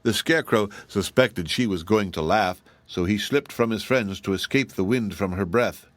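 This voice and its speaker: A man narrating a classic children's fantasy audiobook in a measured storytelling manner. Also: fairly low pitch, dry recording. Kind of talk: scripted narration.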